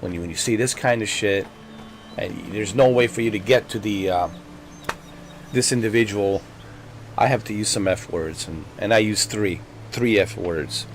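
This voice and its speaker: A man's voice: on the low side, moderate pace, slight background noise. A man streaming a video game, ranting in frustration, repeating himself, swearing and then apologizing to his viewers. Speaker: gaming streamer. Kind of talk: frustrated live gameplay commentary.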